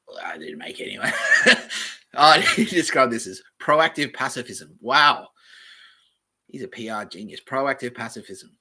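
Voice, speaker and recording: Husky man rambling casually. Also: mid-range voice, animated, moderate pace, pushed and bright. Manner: offhand, joking, trails off into mumbles. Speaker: podcast host. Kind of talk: rambling casual commentary while reading aloud. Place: at home in front of a screen.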